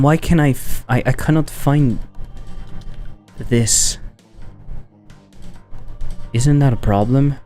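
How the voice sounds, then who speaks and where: Speaking at a medium pitch with a somewhat dark tone, a streamer and game developer chats casually on a live stream as he codes. He rambles, swears, and cuts himself off mid-sentence.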